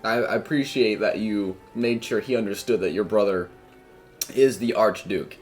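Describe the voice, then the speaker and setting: A game streamer with a lowish voice and moderate pace gives let's play commentary, joking around and mocking the game's old-fashioned dialogue. Faint music plays behind him.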